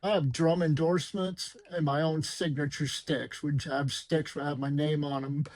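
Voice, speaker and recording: A man's voice: on the high side, flat delivery, moderate pace, darkish tone, no echo, poor audio. A middle-aged man, a podcast guest, telling his life story casually with plenty of "you know" fillers. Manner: conversational, with fillers.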